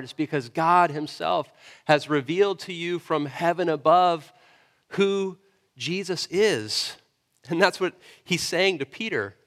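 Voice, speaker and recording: Preaching in an earnest, conversational way, the pastor often pauses to check in with those listening. His voice is rather high and bright, trailing a long reverb.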